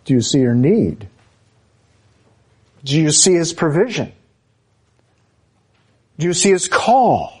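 A man preaching a sermon, speaking in a measured, emphatic way and pressing his listeners with repeated rhetorical questions. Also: a little high, very animated, slightly rough.

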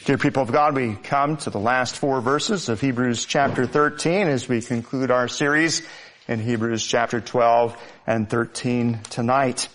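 A man's voice: medium pitch, fairly even intonation, measured pace, fairly bright tone. A male pastor preaching a sermon, reading scripture and driving points home with emphatic repetition.

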